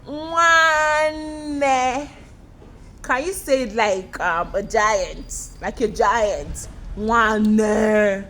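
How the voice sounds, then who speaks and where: A woman teaching a playful beginner language lesson, drawing out words slowly and repeating them for learners, recorded outdoors. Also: medium pitch, lively intonation, fairly bright tone, slight background noise.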